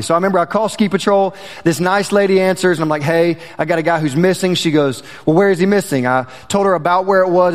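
A man's voice: sits high, in a large hall. A male preacher telling a personal story in a folksy way, calling the congregation y'all, then moving into a sermon.

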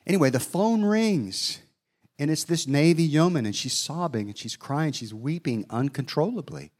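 A man's voice: on the high side, animated, normal speed, darkish tone. A middle-aged man preaching a sermon, telling a personal story in a folksy way, with asides to his listeners.

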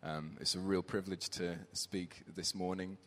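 Deep-voiced man preaching in a hall. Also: flat delivery, moderate pace. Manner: warm conversational, reads scripture aloud. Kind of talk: sermon with personal story. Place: church. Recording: reverberant church hall.

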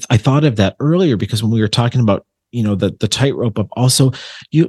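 A man's voice: on the low side, darkish tone, husky, no room sound. A man from Buffalo, New York, a medium who is a guest on a podcast. He tells long, rambling stories in casual chat, full of fillers and restarts.

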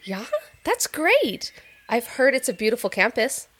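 In an audio drama, a gracious, warm female artist who is also a doctor's wife speaks in a slightly high voice with an animated, lilting rise and fall. She is sweet and effusive as she gently probes the person she's talking to. Her delivery is measured in pace and heavily acted.

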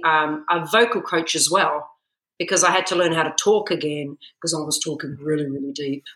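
Guest: woman singer, dramatic storyteller, bright voice, roomy echo. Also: low voice. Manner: animated storyteller, acts out her own panic in quotes. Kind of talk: podcast interview. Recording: echoey room.

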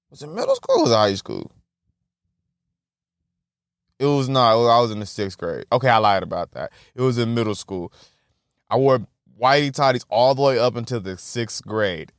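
A young man with a high voice rambles through a casual monologue, swearing freely and laughing at his own stories. The sound is dry and close, with no room around it. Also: clear, resonant tone, dry recording. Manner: profane, laughing, animated storytelling.

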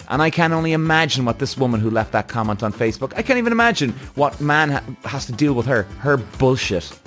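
A man hosting his own podcast, ranting bluntly and heatedly, swearing often and correcting himself as he goes. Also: medium pitch. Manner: restless, self-correcting. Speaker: podcast host. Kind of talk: solo podcast rant.

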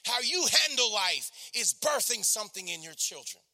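A man preaching a sermon, exhorting with emphatic repetition and dropping to soft storytelling. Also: high-pitched, big pitch swings, normal speed.

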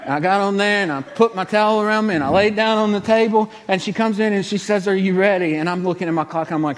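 A man's voice: high-pitched, a little fast, big-room sound, slight background noise. A man telling a comic story in a folksy, exasperated way.

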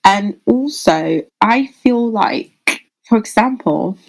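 Woman, midwife, earnest, hesitant fillers, mid-pitched voice, conversational. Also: expressive, slow pace, vocal fry, darkish tone, rough recording. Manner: earnest, searching for words, many fillers. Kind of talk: interview answers, casual conversation.

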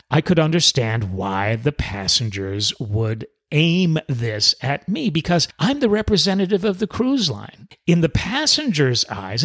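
A man's voice: a little high, fairly bright tone. A man, a former cruise director, hosting a self-help talk and telling a personal story, acting out the dialogue as he goes.

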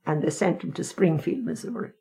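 A woman's voice: on the low side, expressive, brisk, vocal fry, warm tone. An older Irish woman telling stories of her family's past in a frank, wry, conversational way. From Ireland. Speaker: interviewee. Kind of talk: reminiscing storytelling.

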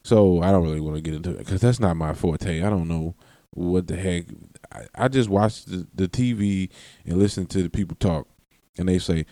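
A man's voice: deep voice, moderate pace, warm tone, no echo. A man hosting a solo podcast, long-winded and rambling, often breaking off his sentences and laughing as he goes. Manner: long-winded, self-interrupting, laughs and curses. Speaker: podcast host.

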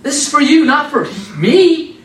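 A man preaching an informal, animated sermon in a conversational way, repeating words for emphasis. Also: extremely high pitch, measured pace, recorded from a distance. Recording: roomy sound from off the mic.

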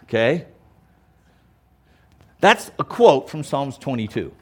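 A man's voice: medium pitch, sing-song, slow pace, darkish tone. A male pastor preaching a sermon in an emphatic, conversational way. He often stops to check in with the listeners.

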